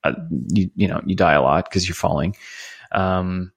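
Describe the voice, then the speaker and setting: Really low voiced guy chatting games on a podcast, calm and agreeable. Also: normal speed, creaky, breathy edge. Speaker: podcast co-host. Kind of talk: casual chat about video games.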